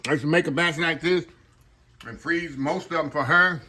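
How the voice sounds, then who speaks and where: Excited middle-aged man cooking on camera. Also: on the high side, normal speed. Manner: chatty and excited, keeps addressing viewers as y'all. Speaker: home cook and kitchen manager. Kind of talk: casual cooking vlog. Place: home kitchen, indoors. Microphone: camera on a tripod.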